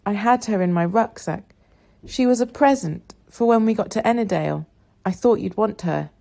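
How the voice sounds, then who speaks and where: A woman reading a storybook voices a six-year-old boy who is devoted and stubborn. His voice sits well above her own low, mellow tone and sounds high and earnest. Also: normal speed, creaky, close to an everyday voice. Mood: shy.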